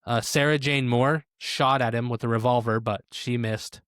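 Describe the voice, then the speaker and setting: A man's voice: mid-range voice, fairly even intonation, moderate pace, fairly bright tone, smooth, dry recording, studio quality. A man co-hosting a podcast, recounting stories in casual chat with lots of "uh" and wry asides. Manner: storytelling with filler "uh" and "like", wry asides. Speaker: podcast co-host.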